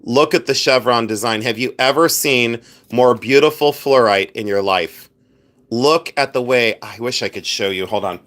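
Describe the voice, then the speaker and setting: A man hosting a casual live stream, chatty and animated, showing his flea market jewelry finds and talking to the chat. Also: medium pitch, normal speed. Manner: chatty, animated, many fillers and asides to chat; clears throat often. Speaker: livestream host selling flea market finds.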